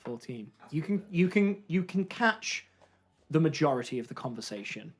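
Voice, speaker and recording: A man's voice: fairly high pitch, big pitch swings, normal speed. Man narrating as game master. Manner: descriptive, rambling with many fillers.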